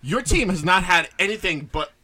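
A man's voice: sits high, expressive, normal speed. A man on a podcast in a heated, profane, laughing rant at his friends. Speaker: podcast co-host. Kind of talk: casual chat. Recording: loud background noise.

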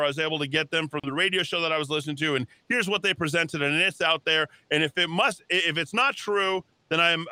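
A man's voice: a little high, sharp tone, no room sound. A man hosting a talk radio show, delivering a heated, combative monologue in a radio studio. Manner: combative, heated, mocks callers with put-on voices.

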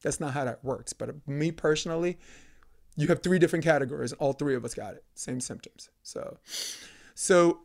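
High-voiced ranting New man. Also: normal speed, vocal fry. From Brooklyn, New York. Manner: profane, emphatic, repeats phrases for emphasis. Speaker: podcast guest. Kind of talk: heated conversational rant.

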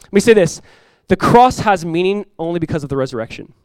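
Animated man preaching a sermon. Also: sits high, quick pace, smooth, no room sound. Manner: animated storytelling, rises loud when acting out his talks with his son. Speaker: pastor.

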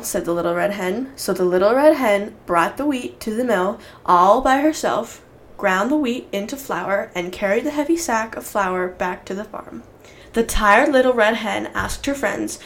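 A woman reading a children's story aloud in a clear, steady storybook manner. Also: medium pitch, moderate pace. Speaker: story reader.

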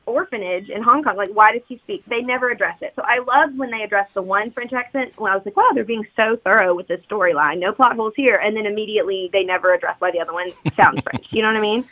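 A woman's voice: mid-range voice, fast talker, narrow, tinny audio. Chatty woman rambling through a movie recap. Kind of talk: casual chat recapping a movie.

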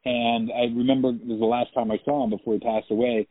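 A man's voice: medium pitch, flat delivery, fast talker, no room sound. Male actor as interview guest, chatty storyteller who laughs easily, heard over a tinny, dry phone line.

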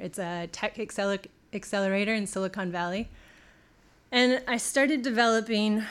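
A middle-aged woman giving a talk, telling a personal story and acting out the dialogue. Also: medium pitch.

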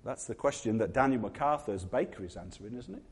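A man preaching a sermon, retelling scenes in lively acted-out voices. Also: medium pitch, fast talker, slightly rough. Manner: animated storytelling, acts out quoted voices.

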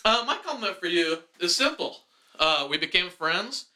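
A man with a very bright, ringing voice pitched a little high, hosting a loose comedy podcast. He rambles and restarts a lot, filling gaps with ums and uhs. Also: lively intonation, normal speed. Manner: rambling, with frequent fillers and laughter. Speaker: podcast host; drummer. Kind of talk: improvised comedy chat.

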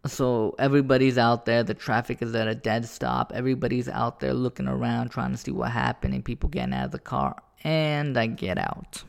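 A man casually telling a rambling, profane story about his own life, animated and full of restarts. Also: medium pitch, a little fast, creaky, hardly any pauses.

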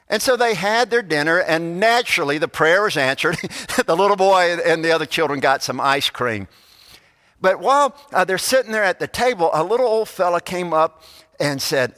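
Pastor preaching in a reverberant church. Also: male voice, high-pitched, lively intonation, a little fast, fairly bright tone. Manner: storytelling, voices quoted characters. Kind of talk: sermon.

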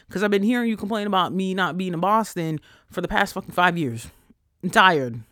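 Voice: brisk, pushed and bright, no room sound. Solo podcast host, young adult, blunt sassy ranter with a mid-range voice, dry close sound. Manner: blunt, profane and sassy, with big swings in pitch. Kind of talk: casual ranting monologue.

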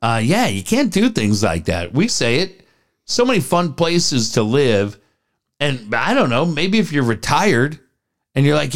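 A man's voice: mid-range voice, measured pace. A man co-hosting a talk radio show, telling rants and stories full of swearing and reading ads between them. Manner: profane, animated storytelling rants. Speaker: radio co-host. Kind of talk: casual talk radio with live ad reads.

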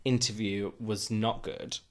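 A man's voice: fairly low pitch, level tone, measured pace. Joking man recapping a reality show. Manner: joking, sarcastic, rambling. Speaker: podcast co-host. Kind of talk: casual recap chat.

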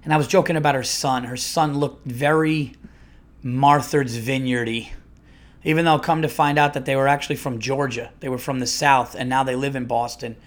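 A middle-aged man, a comedian hosting his own podcast, telling a long rambling story in a casual, animated way with restarts. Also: mid-range voice, moderate pace.

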